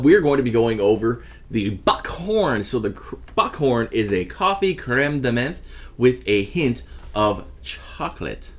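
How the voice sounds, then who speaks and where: A man's voice: fairly low pitch, moderate pace. A man giving a rambling, casual product review, swearing freely as he talks. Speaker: e-liquid reviewer.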